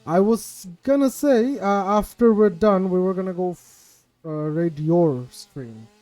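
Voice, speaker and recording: A man's voice: sits high, measured pace, a little mellow. A man casually chatting with viewers on his game stream, rambling and self-mocking, swearing when something goes wrong. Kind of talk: casual live-stream chat with viewers while gaming.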